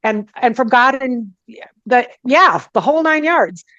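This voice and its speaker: A woman, a guest energy healer, telling her story in a casual interview, animated and often acting out what people said to her. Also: fairly high pitch, measured pace, dry recording. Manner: animated, acts out quoted dialogue, many "like" and "I go" fillers. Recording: dull, dry, muffled recording.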